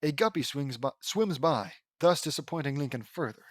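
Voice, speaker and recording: A man's voice: a little high, lively intonation, normal speed, dry recording. Sarcastic man reading fan fiction. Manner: sarcastic, exasperated, swears. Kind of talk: reading a fan story aloud with comments.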